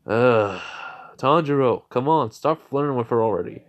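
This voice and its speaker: A man's voice: mid-range voice, animated, moderate pace, highs cut off, lightly acted. Guy doing a cocky demon king, impatient and dismissive, pretty everyday voice. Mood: annoyed. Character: cocky demon king, older male, brusque.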